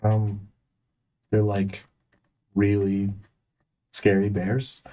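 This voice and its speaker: A man's voice: on the low side, completely flat delivery, drawn-out words, warm tone. Playful man running a tabletop game, a little distant. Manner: playful, breaks in to joke. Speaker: game master. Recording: slightly distant mic, faint noise.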